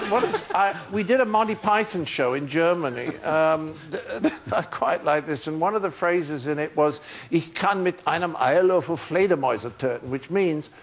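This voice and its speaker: Talk show guest, man in his sixties, fairly high voice, lively anecdotal delivery. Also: moderate pace, hardly any pauses, slight background noise. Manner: anecdotal, animated storyteller. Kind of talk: chat show interview.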